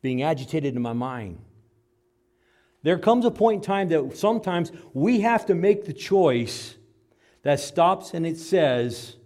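A middle-aged pastor delivers a sermon at a measured pace, animated throughout. He swings from loud, high outbursts to quiet, low asides while acting out exchanges between God and doubters.

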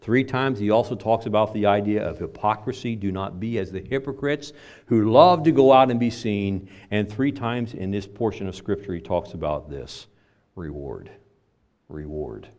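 Older man, pastor, low voice, conversational sermon, loud emphasis then quiet asides. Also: expressive, moderate pace.

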